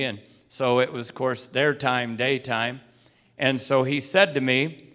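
A man delivers an unscripted sermon in a mid-pitched voice, spinning folksy stories and slipping into the voices of the people he quotes. He clears his throat every so often. The sound rings out with long reverb through a large church hall. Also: fairly even intonation, measured pace, a bit bright. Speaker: preacher.

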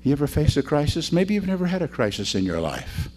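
Preaching quickly with wide swings in pitch, an older man tells stories and has the congregation respond and echo his words. His sermon moves back and forth between booming delivery and low asides.

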